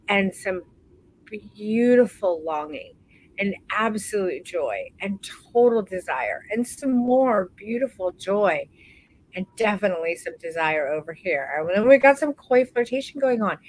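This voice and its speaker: A female photography course instructor with a mid-range voice hosts a live online class, speaking warmly and encouragingly to students. She calls them "baby" and stretches out words for emphasis. The audio is poor.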